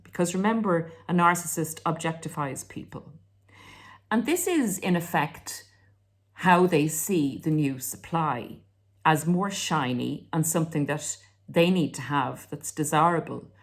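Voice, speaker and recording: A woman's voice: low-pitched, a little slow. A woman giving a casual explanatory monologue, acting out snippets of dialogue as she goes. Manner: animated, acts out quoted dialogue. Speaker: relationship commentator.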